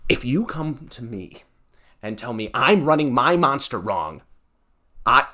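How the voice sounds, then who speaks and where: A man's voice: mid-range voice, sharp tone, husky. A young man hosting a solo podcast, ranting in a heated, exasperated way with sarcastic asides. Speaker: podcast host.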